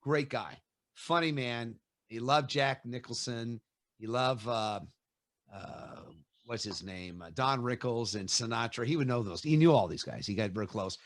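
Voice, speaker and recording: A middle-aged man hosting an interview, telling stories in a lively way and acting out quotes with laughs. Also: mid-range voice, measured pace, no echo, studio quality. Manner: animated storyteller, acts out quotes with laughs. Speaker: host. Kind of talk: casual storytelling interview.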